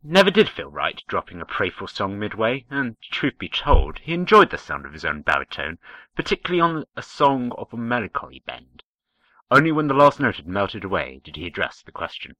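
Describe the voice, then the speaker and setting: A man reading fan fiction aloud, narrating in a measured, expressive way. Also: lowish voice, dry recording, poor audio. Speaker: story reader.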